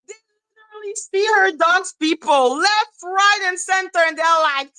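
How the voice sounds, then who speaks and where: A woman's voice: extremely high pitch, a little slow, bright, forceful tone, poor audio. Scornful, foul-mouthed woman ranting. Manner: profane, sarcastic, scornful. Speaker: commentary channel host. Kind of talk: livestream rant.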